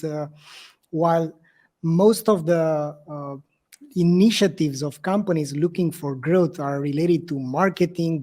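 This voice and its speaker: A man's voice: fairly high pitch, warm tone. A man from Romania, hosting an interview and talking conversationally, hesitating often with fillers. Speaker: host.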